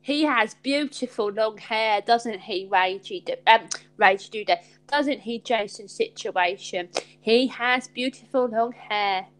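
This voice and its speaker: Brief: woman live-stream host, raised voice, unhurried, rambling and sweary. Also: fairly high pitch, a bit bright, rough recording. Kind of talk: casual live chat.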